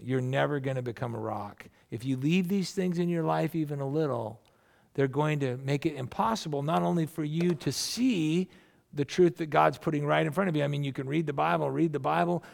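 A man's voice: on the high side, vocal fry, a little mellow. A middle-aged man, a pastor, preaching a sermon in a loose, conversational storytelling way, often restarting his sentences.

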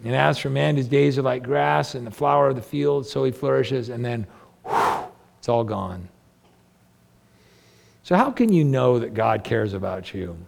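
A man's voice: mid-range voice, expressive, unhurried, gravelly. A man preaching a sermon, reading scripture and asking his listeners earnest rhetorical questions. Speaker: pastor.

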